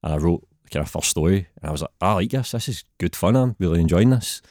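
A man in his thirties with a Glaswegian accent and a very deep voice, chatting casually as a podcast guest and laughing easily. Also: lively intonation, fast talker, darkish tone, no room sound, studio quality. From Scotland. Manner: laid-back, laughs easily. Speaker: guest writer.

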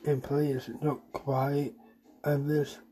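A podcast host speaking a heartfelt message to a friend in a soft, sad voice, halting and often restarting phrases. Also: mid-range voice, flat delivery, soft background music, rough recording. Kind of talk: personal spoken message to a friend.

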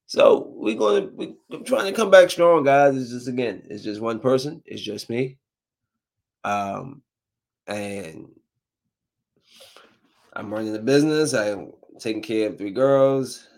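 A man's voice: medium pitch, measured pace, gravelly, pauses often. A man in his thirties hosting a casual solo podcast, talking loosely and ranting with growing animation when something annoys him. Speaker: podcast host.

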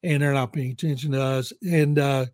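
A veteran NFL writer in his sixties with a Southern accent guests on a podcast, telling rambling anecdotes and offering blunt opinions in casual storytelling and football analysis. His voice is medium-pitched and a little mellow, with fairly even intonation and a moderate pace, in a dry recording.

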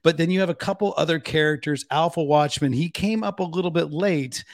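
A man's voice: on the high side, a little fast. A man hosting a casual chat show, talking enthusiastically and thanking his audience directly. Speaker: host.

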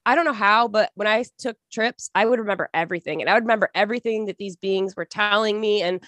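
A woman's voice: medium pitch, quick pace, fairly bright tone, no room sound. A young woman being interviewed as a podcast guest, telling her story in an earnest, emotional, rambling way with many restarts.

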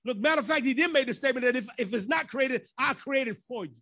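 Man, pastor, high voice, casual joking sermon. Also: fast, sharp tone. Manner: loose and joking, slips into church voices. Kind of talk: conversational sermon.

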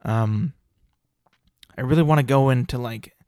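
A man's voice: medium pitch, unhurried, a little mellow, clear, resonant tone, no echo. Man, podcast host, exasperated rant, filler-heavy, dry sound. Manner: exasperated, ranting, many fillers and restarts.

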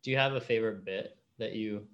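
A man's voice: on the low side, fairly quick, a bit bright, lo-fi sound. A man hosting a casual podcast interview, asking questions and chiming in with short encouraging replies. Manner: short encouraging backchannels, laughs easily. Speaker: podcast host.

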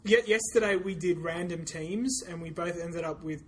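A man co-hosting a gaming podcast, playfully competitive and quick to laugh. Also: on the high side, over a noisy crowd. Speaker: podcast co-host. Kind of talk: casual chat.

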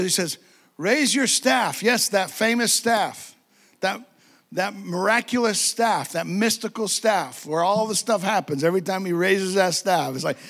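A man with a notably high-pitched voice, preaching with fervent, conversational energy. He drives his points home through repetition and chatty asides, often laughing and acting out little quotes. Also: fairly bright tone. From United States. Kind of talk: sermon.

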